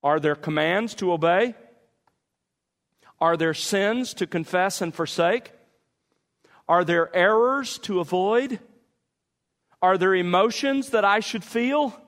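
A man delivers a sermon on meditating on scripture, leaning on key words and pausing with care. His voice sits slightly high for a man. A long reverb from the large hall trails after every line. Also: animated, fairly bright tone. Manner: measured, emphatic teaching with deliberate pauses. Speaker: pastor.

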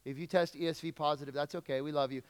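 Pastor, male, conversational preacher; smooth, clear voice in a reverberant church. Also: fairly high pitch, fairly even intonation, fast. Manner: conversational preaching, asks the congregation questions. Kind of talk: sermon. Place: church sanctuary.

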